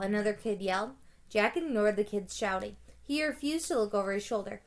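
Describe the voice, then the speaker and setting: A woman with a slightly high voice, reading a children's chapter book aloud for her students. She tells the story in a plain, steady way and now and then goes back to fix a stumbled word. Her voice rises and grows livelier when she reads out the characters' shouts. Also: fairly quick.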